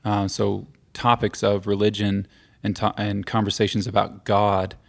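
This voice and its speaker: A man hosting a casual conversation, asking questions and adding thoughts with a hesitant, halting manner. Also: on the low side, level tone, creaky. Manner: hesitant, many fillers and restarts. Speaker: podcast host.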